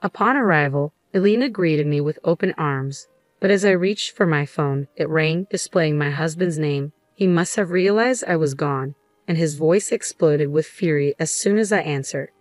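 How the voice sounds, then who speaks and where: A woman reading a first-person story in an even, measured way. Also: low-pitched, no echo, soft background music. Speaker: narrator.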